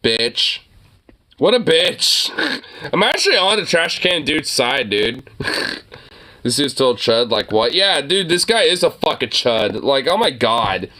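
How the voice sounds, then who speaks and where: A man's voice: mid-range voice, very animated, a little slow, sharp tone. A young man streaming, reacting to a video in a rambling, profane way with many stammered restarts. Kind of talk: casual reaction commentary.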